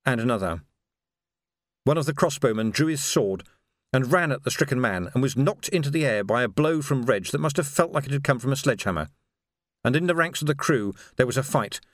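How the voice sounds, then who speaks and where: A man narrating an audiobook in a steady, measured storytelling voice. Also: medium pitch, dry recording, studio quality.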